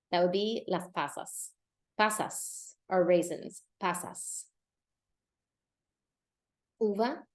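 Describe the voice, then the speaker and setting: A woman hosting a podcast lesson, teaching Spanish to English speakers and slowly repeating words to model pronunciation. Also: mid-range voice.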